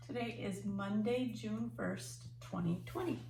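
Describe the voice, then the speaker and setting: A woman teaching kindergarten remotely from home, speaking slowly and patiently in simple words for young children. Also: medium pitch, reverberant, noisy background. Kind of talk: remote class lesson.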